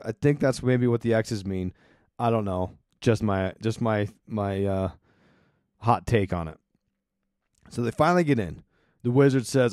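A man with a middle-pitched voice, recorded close and dry with no room sound. He hosts a podcast and tells the story in a loose, chatty way, with slangy wry asides and frequent quick restarts. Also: darkish tone, no room sound. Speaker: podcast host. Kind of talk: casual storytelling chat.

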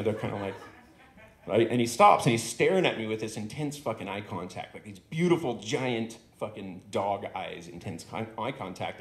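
A man doing stand-up comedy at an open mic, telling a rambling, swearing story into a handheld microphone in a club. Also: mid-range voice. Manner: rambling, profane, conversational. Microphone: handheld stage microphone. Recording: echoey club room.

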